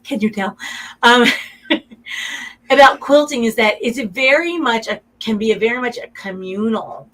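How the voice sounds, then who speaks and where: A woman's voice: a little high, animated, measured pace, fairly bright tone, rough recording. A middle-aged woman, a guest artist in a radio interview, talking in a chatty, effusive way and getting emotional.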